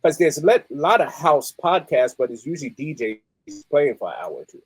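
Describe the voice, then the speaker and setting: A middle-aged man, a musician guest telling stories in a streetwise, animated way. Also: fairly high pitch, normal speed, husky, no echo, low-quality recording. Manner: animated, streetwise, peppered with "you know what I mean". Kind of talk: casual interview storytelling.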